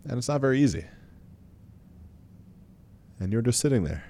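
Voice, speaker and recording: A man's voice: medium pitch, expressive, normal speed, creaky, pauses often, warm tone. A man co-hosting a podcast with his wife, talking bluntly and casually, owning his faults and swearing now and then. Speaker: podcast co-host.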